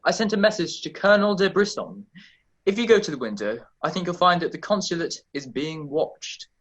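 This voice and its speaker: An actor playing a calm, brilliant male detective in a radio drama, explaining in a crisp, confident way. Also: fairly high pitch, brisk. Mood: assured.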